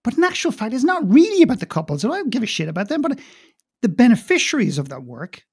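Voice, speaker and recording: A man's voice: extremely high pitch, wildly swooping pitch, quick pace, husky, dry recording, clean studio sound. A man with an Irish accent, a guest in a podcast interview, talking passionately and bluntly, swearing and repeating words as he goes.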